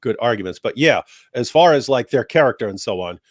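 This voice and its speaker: A man's voice: mid-range voice, animated, a little fast, no echo, clean studio sound. Blunt, combative male co-host. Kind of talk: casual chat.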